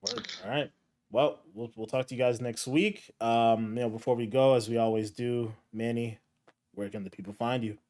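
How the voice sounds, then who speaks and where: A man hosts a gaming podcast in loose, casual chat. He rambles, restarts and leans on filler words. His voice sits in an average pitch range. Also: normal speed. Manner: relaxed, rambling, lots of fillers. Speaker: podcast host.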